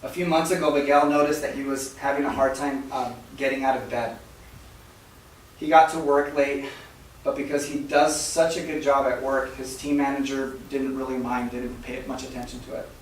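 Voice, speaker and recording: A man preaching a sermon as a story, soft-spoken and halting, with many fillers and repeated words. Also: mid-range voice. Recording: very echoey hall, mic far off, faint noise.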